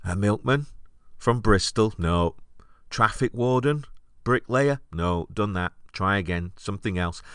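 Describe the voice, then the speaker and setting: A man voicing an exasperated male stand-up comic who curtly brushes off every suggestion, pitched a little above his own low voice. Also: flat delivery, moderate pace, hardly any pauses, a bit bright, clean tone, no room sound, clean studio sound. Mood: dismissive. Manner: curt, dismissive, impatient.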